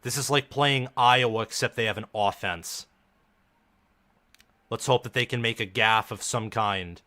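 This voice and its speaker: Male live stream host with a bright, forceful voice, commenting on a game as a gloomy, frustrated fan. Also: on the low side, unhurried. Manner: frustrated, dejected fan talk.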